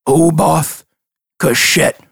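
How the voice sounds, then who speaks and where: A man voicing a slow, deliberate old male guide in a tabletop game. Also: on the high side, very animated, gravelly, slightly rough, no room sound, clean studio sound, heavily acted. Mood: earnest.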